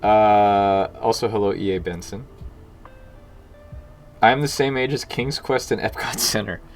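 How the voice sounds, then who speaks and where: A man's voice: on the low side, measured pace, soft background music. A man in his forties chatting casually on a live stream while he works on a game, rambling with jokey asides and muttering to himself as he goes.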